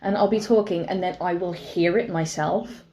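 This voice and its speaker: Chatty woman, lowish voice. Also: normal speed, mellow, a little hiss or hum, rough recording. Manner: agreeable, chatty, laughs easily. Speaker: podcast co-host. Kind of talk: casual chat.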